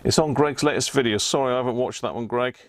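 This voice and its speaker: A man's voice: medium pitch, fast talker. A man hosting a live stream, chatting casually and muttering to himself while repairing a radio. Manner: chatty, self-deprecating, muttering while working.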